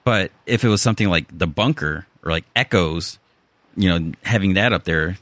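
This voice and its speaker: A man with a Chicago accent talks in a lowish voice that has a bright, forceful edge. His rambling, restart-heavy podcast chat sounds close and dry. He keeps circling back to finish his thought. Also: normal speed, dry recording. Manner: rambling, many restarts and fillers. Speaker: podcast host. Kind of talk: casual chat.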